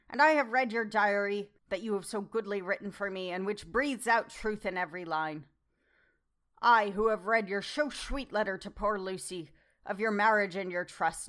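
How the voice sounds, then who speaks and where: An old foreign professor, warm in his praise and grave in his fervour, drawing out his broken, formal sentences slowly, as a woman reader puts him on. It is a spoken storybook performance. His voice sits in a middle pitch. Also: lightly acted. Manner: broken formal English, slow and fervent. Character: old male foreign professor, earnest, effusive. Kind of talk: audiobook character reading.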